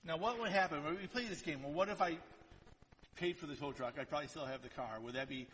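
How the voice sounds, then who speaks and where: A man in his fifties preaching a sermon, telling stories with lively acted-out quotes. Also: fairly high pitch, fast talker, in a large hall, rough recording. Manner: lively storytelling, acts out quotes. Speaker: pastor.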